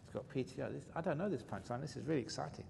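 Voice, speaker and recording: A man's voice: medium pitch, animated, very fast, gravelly, darkish tone. A man, a meditation teacher, telling jokes in a playful way during a retreat question-and-answer session and chuckling at his own jokes. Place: retreat hall. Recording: faint hall reverb, light room noise.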